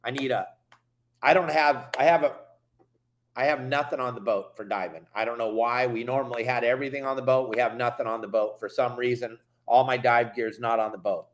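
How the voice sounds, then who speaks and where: A man hosting a fishing show, telling a story with excitable, slangy exaggeration and a Californian accent. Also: medium pitch, a little fast. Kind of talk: animated storytelling.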